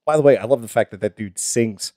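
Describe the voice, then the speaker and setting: Laid-back man, middle-pitched, dry sound. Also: fast, dark tone, no echo. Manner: laid-back, swears casually. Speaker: podcast host. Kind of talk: casual podcast chat.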